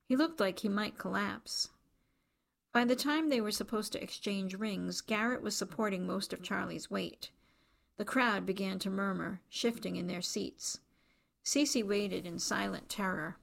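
A woman reading a novel aloud as an audiobook narrator, in even, measured storytelling. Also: medium pitch, vocal fry. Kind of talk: scripted narration.

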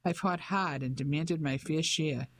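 An audiobook narrator voicing a spirited Englishwoman who speaks briskly and self-assuredly. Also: low-pitched, dry recording. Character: spirited Englishwoman living abroad.

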